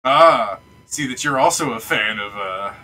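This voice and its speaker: A man voicing a chummy old gentleman in a steam-powered wheelchair in a tabletop game, with a hearty drawl. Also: medium pitch, animated, measured pace, poor audio. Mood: jovial.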